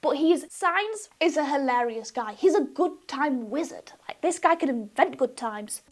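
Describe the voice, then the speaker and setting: A woman's voice: sits high, animated, measured pace. A young woman chatting casually in a vlog, gushing, giggly and self-deprecating. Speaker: vlogger.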